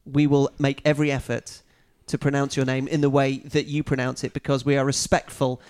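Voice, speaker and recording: A man's voice: medium pitch, level tone, fairly quick, a little mellow, clear, resonant tone. A man hosting a podcast, talking earnestly in casual chat. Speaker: podcast host.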